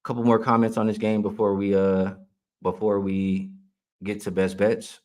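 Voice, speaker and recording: A man's voice: lowish voice, level tone, normal speed, a little mellow. A man hosting a sports betting livestream, casually reading viewer chat aloud and answering it. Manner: casual, heated when ranting at a chat troll; laughs often while reading comments. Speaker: sports betting show host.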